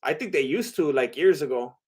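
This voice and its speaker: A man's voice: on the high side, lively intonation, brisk, darkish tone, slightly rough. Rambling, hesitant man on a livestream. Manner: rambling and hesitant, many fillers and restarts. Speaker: livestream host reading chat. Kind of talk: casual livestream chat.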